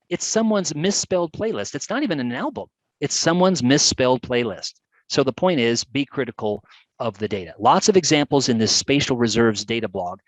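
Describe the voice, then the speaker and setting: A man presenting a live webcast, talking through examples with chatty enthusiasm and lively emphasis. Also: medium pitch, no room sound, low-quality recording.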